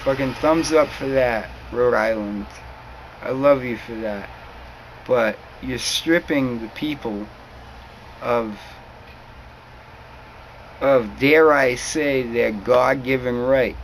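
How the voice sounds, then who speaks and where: A man's voice: medium pitch, takes it slowly, pauses often, a little hiss or hum, low-quality recording. A young man from New England in a rambling, heated, profane monologue to camera. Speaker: vlogger.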